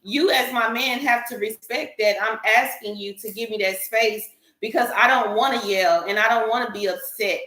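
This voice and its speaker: A woman's voice: a little high, normal speed, few pauses, pushed and bright. Earnest woman in an echoey room. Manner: earnest, emphatic, explains at length. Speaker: panel guest. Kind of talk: candid group discussion.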